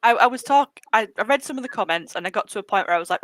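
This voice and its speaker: A woman's voice: on the high side, lively intonation, racing, fairly bright tone, no room sound, rough recording. A young woman co-hosting a casual live chat, chatty and laughing often. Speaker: co-host, former brewery worker.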